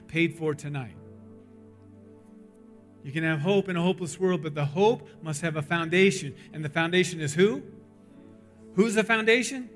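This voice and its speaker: A man preaching a sermon, telling a story and acting out the voices in it, then pleading earnestly with his listeners. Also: fairly high pitch. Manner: animated storyteller, acts out voices in dialogue; earnest, urgent appeal to the audience. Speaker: pastor.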